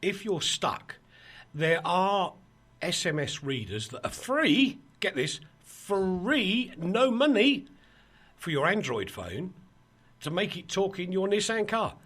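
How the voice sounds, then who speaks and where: Husky, bright-toned male talk-show host, animated storyteller. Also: high voice, measured pace. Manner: animated, laughing storyteller with mock quotes. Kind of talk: casual chat, storytelling.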